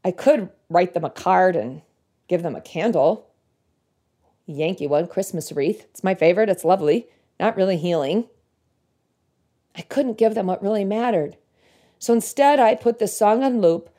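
Woman, earnest devotional talk, mellow warm tone, reflective, unhurried over lyrics. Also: fairly low pitch, expressive. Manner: earnest, reflective, reads song lyrics slowly. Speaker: Christian speaker.

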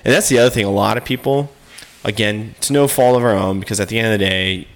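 A man hosting a casual chat, animated, who often acts out quoted small talk. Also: lowish voice, quick pace.

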